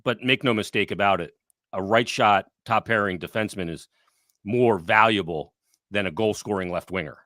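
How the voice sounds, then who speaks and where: A man talks sports on a podcast, blunt and salty, telling his stories with energy. His voice is bright and forceful, recorded close and dry with no room sound. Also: lowish voice, normal speed, no room sound. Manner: blunt, profane, animated storyteller. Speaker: podcast co-host. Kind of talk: casual sports talk.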